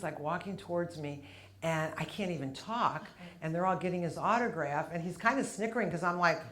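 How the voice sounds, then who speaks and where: A woman's voice: fairly low pitch, a bit bright. A middle-aged woman doing a stand-up routine, telling stories and acting out characters with big exclamations. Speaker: stand-up comedian.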